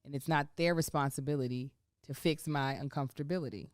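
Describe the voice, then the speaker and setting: A woman's voice: sits low, steady tone, quick pace, no room sound, clean studio sound. A woman in her thirties co-hosting a podcast, talking candidly and reflectively about parenting with frequent laughs. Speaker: podcast co-host. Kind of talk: casual chat.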